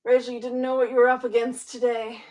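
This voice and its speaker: A young woman co-hosting a podcast, enthusiastic and jokey in easy back-and-forth chat. Her voice sits high. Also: little pitch movement, fairly quick, a little mellow. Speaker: podcast co-host. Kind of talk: casual chat.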